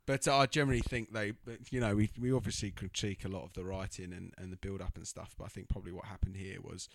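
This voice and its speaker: A man's voice: low voice, fast talker, vocal fry, no echo. Sarcastic man in casual chat. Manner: sarcastic, animated, swears casually. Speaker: podcast co-host. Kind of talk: casual film review chat.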